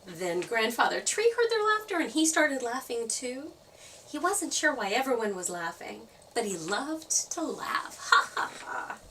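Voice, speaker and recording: Lively children's storyteller, woman, slightly distant mic. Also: fairly high pitch, measured pace, slight background noise. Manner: expressive, playful sound effects.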